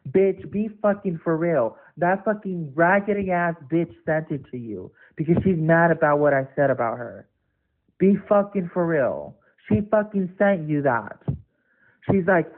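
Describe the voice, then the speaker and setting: A young man telling the story of an online dispute in an angry, profane, rapid rant. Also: fairly high pitch, expressive. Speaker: online debater. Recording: tinny phone-like audio.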